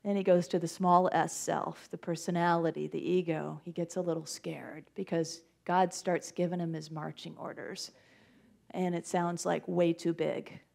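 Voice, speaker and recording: A woman's voice: lowish voice, little pitch movement, normal speed, gravelly, a little mellow. Chatty woman minister giving a sermon. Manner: conversational, laughing often, retelling scripture with voices. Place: church sanctuary with congregation.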